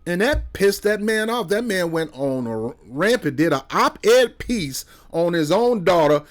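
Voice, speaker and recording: A man's voice: high-pitched, expressive, unhurried. A male commentator speaks in loose, heated stretches, circling back with rhetorical questions and sarcastic jabs. His voice sits a little above the usual male range. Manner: heated, rambling, with sarcastic asides. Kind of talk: casual political commentary.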